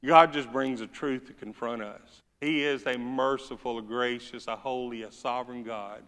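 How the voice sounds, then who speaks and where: A man's voice: mid-range voice, steady tone, normal speed, fairly bright tone. A man preaching a sermon with a Southern accent, folksy and joking, reading scripture with rising force. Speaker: pastor. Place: church sanctuary. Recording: church hall reverb.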